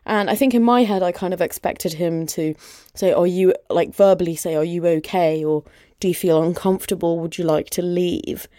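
A woman's voice: lowish voice, fairly even intonation, moderate pace, dark tone, no echo, studio quality. A young woman hosts a podcast and tells a personal story candidly, with lots of "like" and "you know". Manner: candid, conversational, many fillers like "like" and "you know". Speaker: podcast host.

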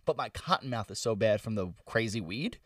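A young man casually telling a long, profane story on a podcast. He rambles in slang and often drops into low mumbles. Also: lively intonation, a little fast, dry recording, studio quality, distant mic.

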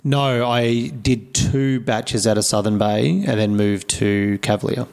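An Australian man in casual podcast conversation, telling stories with lively acted-out quotes and casual swearing. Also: fairly low pitch, measured pace, gravelly. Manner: lively storyteller who acts out quoted dialogue and swears freely. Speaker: podcast guest, craft brewery founder. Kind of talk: casual storytelling chat.

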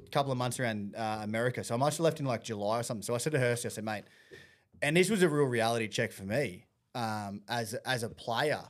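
A man telling stories in a blunt, sweary, animated way as co-host of a casual podcast chat. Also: mid-range voice.

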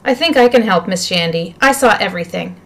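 An earnest, helpful schoolboy explains things politely and eagerly, as a woman reads him aloud. His voice is light and a little higher than a plain reading voice. He sounds like a storybook boy. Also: animated, a little fast. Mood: calm.

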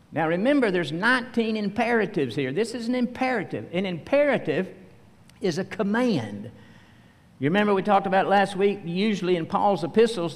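Pastor guy preaching slow and lively, big echoey church hall. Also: high voice. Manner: slow storytelling, acting out quoted voices. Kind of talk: sermon. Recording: long reverb of a church hall.

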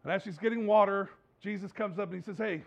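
A man preaching a sermon in church, conversational and animated, repeating phrases for emphasis, recorded on a dull lo-fi recording. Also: sits high, fast talker, vocal fry. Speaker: pastor.

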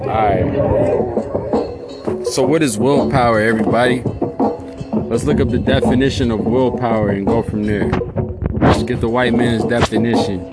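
A man's voice: mid-range voice, fairly even intonation, a little slow, pauses often. Profane rambling male podcast host. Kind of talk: casual podcast monologue. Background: loud music beat.

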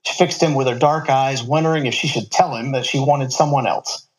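A man's voice: medium pitch, fairly even intonation, brisk, low-quality recording. Man reading a story aloud. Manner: casual asides between passages.

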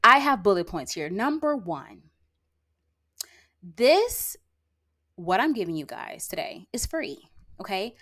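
A woman with a mid-range, sing-song voice hosts her own podcast from a rural area, speaking slowly with long pauses in a bright, forceful tone. She's a lash artist and brow tattooer, delivering a casual monologue that's sassy and emphatic, constantly checking in with "okay?" and "like".

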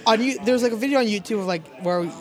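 A man's voice: high voice, fast. A young man chatting as a guest, rambling with many fillers. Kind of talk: casual chat.

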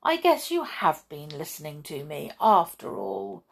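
A woman's voice: low voice, huge pitch swings, measured pace, gravelly, breathy edge, pitched below the performer's own voice, heavily acted. A woman voicing a proper mother rabbit who minds her son's manners. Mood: motherly.

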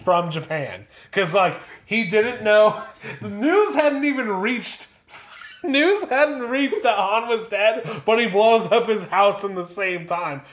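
Male co-host, slightly high voice, jokey and profane, phone-recorded chat. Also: animated, slow pace, fairly bright tone, reverberant. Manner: joking, profane, riffing. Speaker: podcast co-host. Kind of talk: casual chat. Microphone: phone app.

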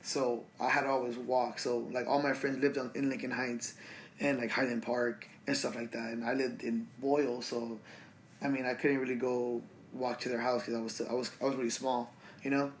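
This man, in his twenties and from Los Angeles, speaks at a moderate pace in a medium-pitched, level voice over slight background noise. His story is casual, rambling, and profane, full of fillers and restarts.

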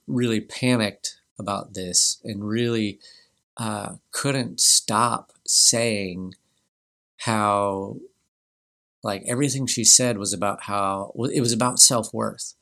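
A man in his thirties hosting a podcast, telling a personal family story in a halting way with many restarts. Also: fairly low pitch, vocal fry, sharp tone. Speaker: podcast host.

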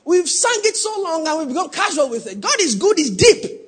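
A man preaching a sermon, teasing the congregation and building to shouted emphasis. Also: very high-pitched, very animated, moderate pace. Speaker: pastor.

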